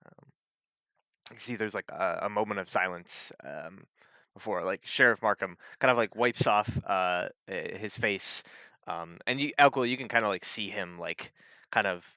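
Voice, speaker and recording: A male game master narrates a tabletop game in a bright, lowish voice, hesitating often. The sound is dry and a little dull. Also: normal speed, no room sound. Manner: hesitant, many fillers.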